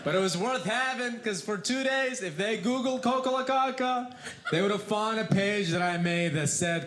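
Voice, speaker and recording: Male stand-up comic with a foreign accent, high voice, animated storytelling, roomy club with loud laughter. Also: normal speed, heavy background noise. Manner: animated storytelling, deadpan asides. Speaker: stand-up comedian. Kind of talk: stand-up comedy. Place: comedy club stage.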